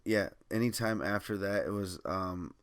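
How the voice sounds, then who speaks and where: A man's voice: sits low, moderate pace, fairly bright tone, clear, resonant tone. A young man co-hosting a podcast, casually telling profane stories, acting out quotes and laughing often. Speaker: podcast co-host. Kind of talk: casual chat.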